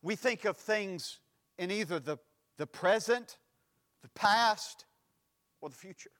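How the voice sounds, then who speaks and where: A male pastor preaching a sermon, with a preaching cadence that swells into sudden loud emphatic lines. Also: high voice, expressive, slow pace, long pauses, in a large hall.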